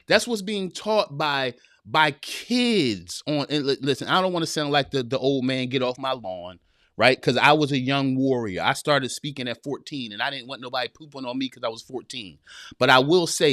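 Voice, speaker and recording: A man hosting a live podcast, talking straight to his viewers and reading their chat, animated and preachy, repeating his phrases. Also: mid-range voice, no echo, studio quality. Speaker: podcast host.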